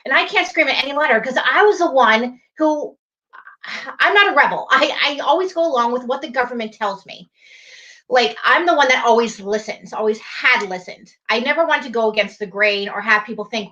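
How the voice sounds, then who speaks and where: High, bright-voiced woman pleading urgently. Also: animated, brisk, dull audio. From United States. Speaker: co-host of an online morning show. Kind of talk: impassioned livestream talk.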